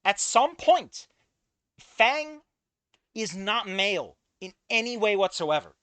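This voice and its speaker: Lively high-voiced man ranting. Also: takes it slowly, clean tone, no echo. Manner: profane, exasperated ranting. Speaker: fan fiction reviewer. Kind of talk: casual commentary reading a story aloud.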